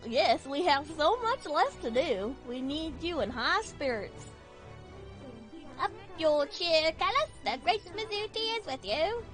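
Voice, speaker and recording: Casting: showy self-proclaimed mystic from a game, grand and bright, put on by a woman streamer. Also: sits high, big pitch swings, a little slow, soft background music, exaggerated voice, low-quality recording. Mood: grand cheer. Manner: theatrical, cheery, grandiose.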